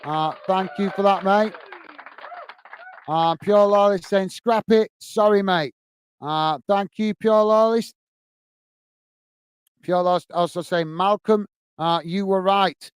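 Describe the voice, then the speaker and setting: High-voiced man hosting a fan stream. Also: steady tone, slow, long pauses, clear, resonant tone, dry recording. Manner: thanks viewers by name, calls them mate, gets flustered with a lagging computer. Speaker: host reading live chat. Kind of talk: casual live-stream chat.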